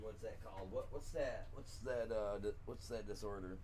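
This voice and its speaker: A man's voice: fairly low pitch, moderate pace, a little mellow, a little hiss or hum. A man streaming a game from his room at home, chatting casually and rambling, trailing off and restarting, with chuckles. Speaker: gaming streamer. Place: room at home with blacked-out windows.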